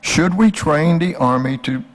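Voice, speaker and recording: A man's voice: fairly high pitch, a little slow. An older man giving a conversational history lecture, asking the audience rhetorical questions.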